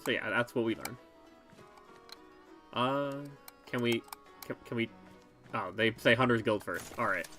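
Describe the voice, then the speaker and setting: A man hosting a let's play, giving relaxed, chatty gameplay commentary and laughing easily. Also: medium pitch, unhurried, pauses often. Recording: game music behind.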